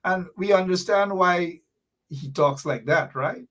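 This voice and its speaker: Fiery Guyanese man, high voice. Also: lively intonation, measured pace, fairly bright tone. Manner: fiery, sarcastic, repeating jabs. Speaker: political commentary host. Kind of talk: opinionated political commentary.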